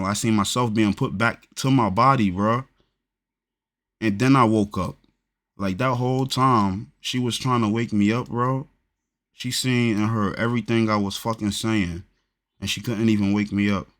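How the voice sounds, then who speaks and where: Man, very low voice, casual, profane, slangy storyteller. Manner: loose, profane storytelling, peppered with "bro". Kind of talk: casual chat.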